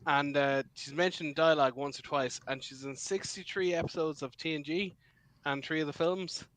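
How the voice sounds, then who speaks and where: Bright-voiced man sharing trivia. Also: fairly high pitch, fairly even intonation, moderate pace, no room sound, rough recording. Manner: chatty, full of trivia and restarts. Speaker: podcast co-host. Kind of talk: casual chat.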